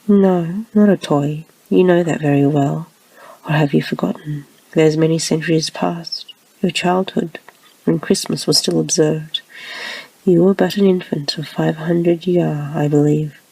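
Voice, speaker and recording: A woman doing a calm purring little robot, whispered role-play, breathy, lowish voice. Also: unhurried, no echo, recorded from a distance, full character voice, low-quality recording. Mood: calm teasing. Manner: eerily calm, purring, teasing. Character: small calm male robot, old guardian.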